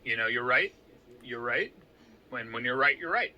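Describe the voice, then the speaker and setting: A man's voice: mid-range voice, lively intonation, moderate pace, pushed and bright, a little hiss or hum, rough recording. A man co-hosting a casual podcast chat, explaining researched facts in an informative way. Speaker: podcast co-host.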